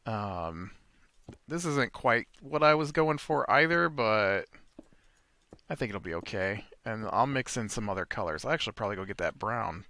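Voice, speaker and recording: A man's voice: on the low side, animated, normal speed, sharp tone, dry recording. A man hosting a let's play, telling a rambling story in casual chat while he plays. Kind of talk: casual chat while playing a video game.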